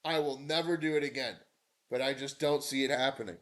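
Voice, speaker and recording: A man's voice: mid-range voice, fairly even intonation, a little fast. A man live-streaming political commentary, irreverent and mocking, breaking into whiny put-on voices.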